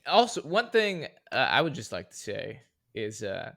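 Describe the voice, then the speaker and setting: A man co-hosting a podcast, with wry, teasing deadpan jabs. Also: medium pitch, measured pace, creaky. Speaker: podcast co-host. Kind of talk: casual podcast chat. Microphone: headphones in, own mic.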